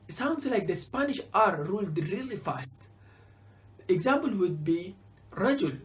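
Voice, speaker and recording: A woman teaching a beginners' alphabet lesson, carefully sounding out each letter and example word. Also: on the low side. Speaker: Arabic teacher.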